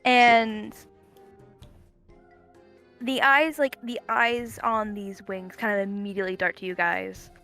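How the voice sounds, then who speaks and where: A woman's voice: mid-range voice, flat delivery, slow pace, pauses often, pushed and bright, faint music behind. A woman running a tabletop game as game master, describing scenes in a rambling, casual way with many fillers.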